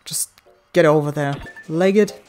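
A let's play gamer commentating, swearing a lot, yelling at the game and then muttering to themself. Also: medium pitch, a little slow, soft background music.

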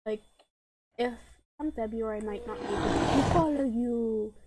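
A woman's voice: fairly high pitch, normal speed, heavy background noise. A woman giving chatty, giggly gameplay commentary and reading quest text aloud. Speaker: gamer playing an online dragon game. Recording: game music playing loudly under the voice. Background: loud game music.

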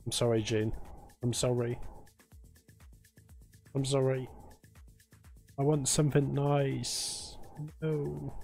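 Bloke streaming a game, cheeky banter with chat, middle pitch, bit of music behind. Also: male voice, level tone, slow pace, creaky, pauses often, a little mellow. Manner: teasing banter with viewers, thanks chat by name. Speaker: live streamer. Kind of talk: casual live-stream chat while gaming.

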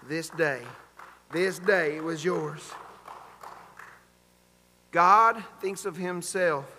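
A man's voice: on the high side, extremely slow, pushed and bright. A man preaching a fervent sermon, calling out to the congregation for amens in a church sanctuary. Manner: fervent preaching with call-and-response. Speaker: pastor. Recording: long church hall reverb.

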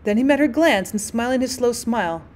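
A slightly high-voiced woman reads a classic short story aloud for her students. She voices the dialogue expressively, with an occasional slip and restart. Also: fairly quick. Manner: expressive, voices the dialogue with small pitch shifts. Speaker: teacher reading aloud.

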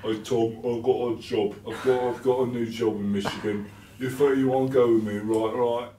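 A man putting on a flat, offhand impression of his female co-star, recorded in an echoey room from a distance. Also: medium pitch, moderate pace, a little hiss or hum, close to an everyday voice. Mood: mocking. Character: mock impression of a woman co-star.

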